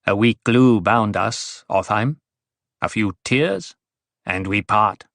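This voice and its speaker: A man's voice: on the low side, lively intonation, slow, vocal fry, fairly bright tone, no echo, clean studio sound, exaggerated voice. Bijaz, a man doing a riddling dwarf jester. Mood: wheedling. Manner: punning, singsong riddles.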